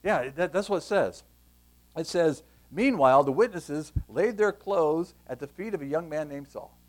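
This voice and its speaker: A man preaching a conversational sermon, reading scripture aloud and acting out scenes with lively asides. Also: on the high side, moderate pace. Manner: animated, conversational, acts out scenes. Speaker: pastor.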